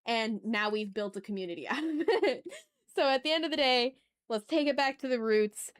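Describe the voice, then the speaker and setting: A woman's voice: fairly high pitch, expressive, moderate pace, clear, resonant tone. A young adult woman streaming as she draws, chatting casually and talking through each step aloud, often apologizing with a laugh at herself. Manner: apologetic, self-deprecating asides. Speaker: art streamer. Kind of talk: casual chat while drawing live.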